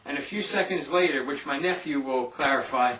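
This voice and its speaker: In a medium-pitched, fairly bright voice that runs a little fast, a man loosely narrates clips of his paranormal evidence for viewers he addresses directly. Poor audio captures him from a distant mic in a roomy space with slight background noise.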